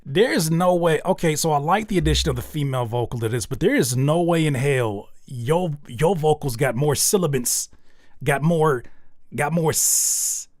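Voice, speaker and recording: A man's voice: a little high, normal speed, dry recording, clean studio sound. Candid man giving blunt music feedback. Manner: candid, rambling with restarts, gets loud and animated in disbelief. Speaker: host reviewing listener music. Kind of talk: casual livestream music feedback.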